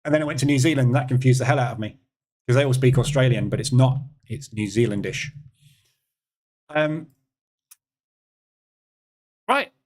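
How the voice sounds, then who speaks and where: A man's voice: mid-range voice, a little mellow. An English man hosting a live trading session, chatting casually as he answers viewers' questions and reads charts aloud. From England. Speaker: trading room host.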